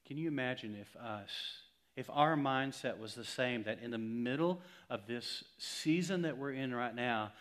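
Pastor guy preaching, mid pitch, chatty but punchy, gets loud then real quiet. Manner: conversational, emphatic preaching, swings from loud to hushed. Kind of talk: sermon.

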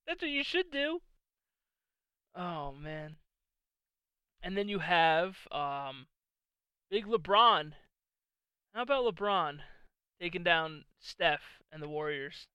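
A jokey man co-hosting a casual sports podcast, with a high voice that is bright and sharp. He laughs a lot and runs himself down with a grin. His voice comes through smooth and dry, with no room sound. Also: very animated, slow pace, long pauses, dry recording, muffled recording. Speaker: podcast co-host.

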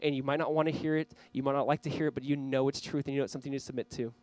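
A man's voice: medium pitch, steady tone, rapid-fire, darkish tone, no room sound, rough recording. A man preaching a sermon as pastor, earnestly urging his listeners. He speaks straight to a camera for viewers watching online.

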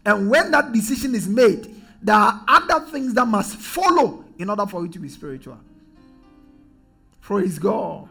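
Male preacher, high-pitched and emphatic, leads call-and-response, soft music under him. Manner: call-and-response, emphatic, often rising to shouts. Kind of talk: sermon. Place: church.

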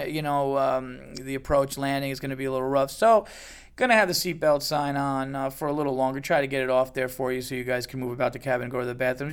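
A man's voice: on the high side, clean tone, lightly acted. A man imitating a chatty airline pilot making a rambling cabin announcement full of fillers.

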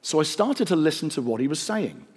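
A man narrating a rhyming story in a gentle, rhythmic storytelling manner. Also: a little high, very animated, brisk, breathy edge.

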